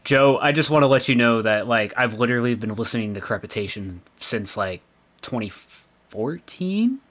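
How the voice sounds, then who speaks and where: Man, podcast host, casual chat, rambling, swears a lot, mid pitch. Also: lively intonation, moderate pace, fairly bright tone. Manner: rambling, profane, lots of "like" fillers. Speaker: guest host of a podcast episode.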